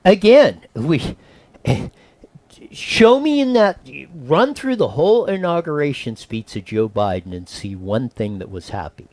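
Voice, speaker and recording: A man hosting talk radio, delivering opinionated commentary in a rambling, restart-heavy way. His pitch swoops lively up and down. The sound is dry and close-miked. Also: measured pace, no echo. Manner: animated, wandering, with frequent restarts and acted-out quotes. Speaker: radio talk show host.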